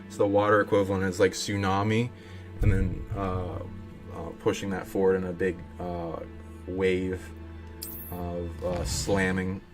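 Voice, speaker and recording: Deep, flat-toned man rambling on stream. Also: measured pace. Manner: rambling, many fillers and restarts. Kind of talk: casual live-stream chat. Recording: music playing behind the voice.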